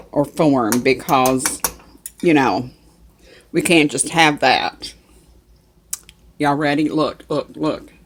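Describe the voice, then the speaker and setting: Woman, home cook vlogger, low voice, unhurried, chatty and folksy. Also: a little hiss or hum. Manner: chatty and homey, talks to viewers and her dog. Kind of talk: casual cooking vlog.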